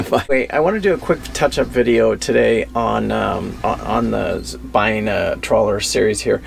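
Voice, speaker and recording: Gravelly-voiced man rambling through a story. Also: fairly low pitch, moderate pace. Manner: rambling, with many fillers and restarts. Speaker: vlogger. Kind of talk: casual storytelling vlog.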